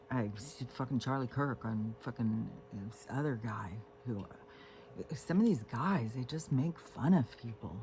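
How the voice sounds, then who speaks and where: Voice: medium pitch, warm tone, slight background noise. A vlogger talking at home in a casual, meandering monologue, profane and full of fillers and restarts. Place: at home on a couch with pets.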